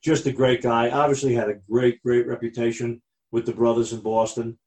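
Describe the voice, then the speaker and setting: Man, co-host, plainspoken, warm dark voice, roomy echo. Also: medium pitch, flat delivery, normal speed. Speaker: podcast co-host. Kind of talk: casual conversation.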